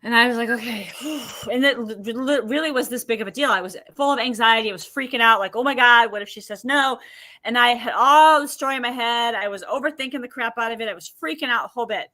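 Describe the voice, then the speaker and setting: Bright, animated woman telling stories. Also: on the high side, quick pace. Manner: animated storyteller acting out quotes. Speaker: podcast guest, emotion healer. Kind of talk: podcast interview storytelling.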